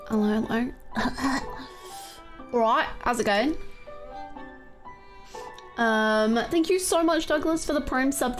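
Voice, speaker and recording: A woman streaming a game, chatting casually and greeting viewers, her voice a bit scratchy, laughing often. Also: sits high.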